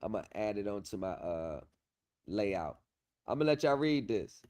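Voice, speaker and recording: A man's voice: on the low side, big pitch swings, measured pace, a little mellow. Confident man hosting a casual livestream. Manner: confident, repetitive, drifts off while working the screen. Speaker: livestream host on pro se legal help.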